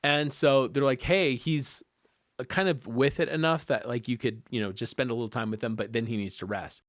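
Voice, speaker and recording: Male podcast guest, storyteller, animated, acts out other people's lines, medium pitch, dry mic. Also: brisk, no echo. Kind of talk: storytelling in a casual podcast chat.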